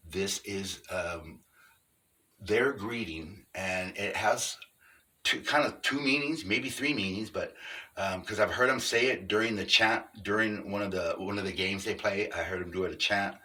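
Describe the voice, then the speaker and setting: A middle-aged man in an unscripted monologue, explaining things earnestly step by step in a halting way. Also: deep voice, pushed and bright, distant mic. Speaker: vlogger on Sasquatch encounters.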